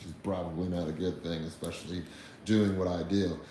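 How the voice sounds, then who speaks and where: A low-voiced man from the United States chats loosely on a livestream, rambling, swearing freely and reading out comments. His voice bounces around a very echoey room with faint noise underneath. The tone stays relaxed and unpolished. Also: a little fast. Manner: rambling, profane, laid-back. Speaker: livestream host.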